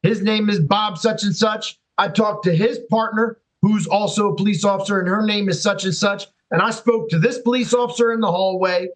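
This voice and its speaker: A man's voice: high voice, fairly even intonation, moderate pace, few pauses, poor audio. A man talking as a podcast guest, telling his story casually and animatedly, acting out quotes and swearing freely.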